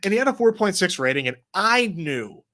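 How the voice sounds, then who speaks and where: A man from Texas co-hosts a casual chat and tells a rambling story. His pitch swings widely as he acts out the people in it. He drops in swearing and lots of fillers. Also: a little fast. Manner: animated storyteller, swears, many likes and restarts. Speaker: podcast co-host.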